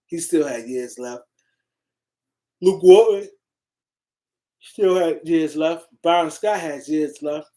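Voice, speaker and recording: Animated man hosting a livestream. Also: on the high side, measured pace. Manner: animated, reads viewer comments and shouts out chat. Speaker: livestream host. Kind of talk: casual livestream talk.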